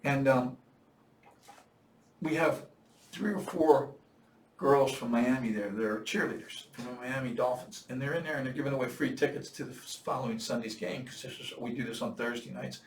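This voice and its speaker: A man in his seventies telling war-veteran stories in casual chat, profane and animated. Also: mid-range voice, normal speed, echoey room, recorded from a distance, slight background noise. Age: 70s. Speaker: veteran storyteller.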